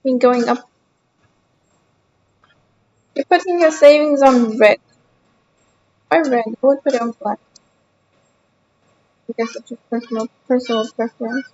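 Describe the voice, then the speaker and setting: High-voiced young woman chatting on stream. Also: dull audio, slight background noise. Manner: chatty, answers chat aloud, playfully defensive. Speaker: gaming streamer. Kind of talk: casual live-stream chat. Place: home, sitting on a sofa.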